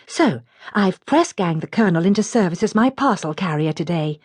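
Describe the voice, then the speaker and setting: A woman's voice: on the low side, lively intonation, moderate pace, a little mellow, slightly rough, no echo, studio quality, voice pushed up. A woman voicing a wry, flighty married woman in her thirties, talking in an airy, complaining manner, in an audiobook.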